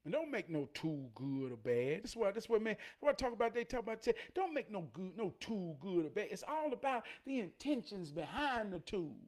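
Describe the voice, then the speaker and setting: A man with a fairly high voice, spinning a personal story into a life lesson. He talks in an animated storytelling way, rising to loud bursts and dropping to low asides. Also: a little fast, hardly any pauses. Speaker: motivational vlogger.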